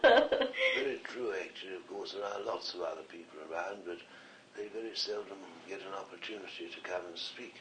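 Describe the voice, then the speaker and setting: In an echoey, distant old archive recording with faint hiss, a man with a slight Scottish accent speaks as a spirit communicator at a séance. His voice is low and sharp, his tone steady, and he talks fast in an earnest, rambling way.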